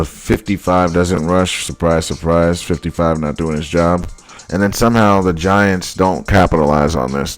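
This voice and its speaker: A man breaking down football highlights in casual commentary, blunt and exasperated, repeating his points. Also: dry recording. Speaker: football film analyst.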